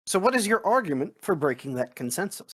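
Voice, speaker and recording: A man's voice: high-pitched, sing-song, fast talker, a bit bright, husky. A man playing a stern male political officer in a tabletop role-play, speaking formally and lecturing his comrades. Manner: formal, pedantic, debating. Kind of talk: in-character role-play chat.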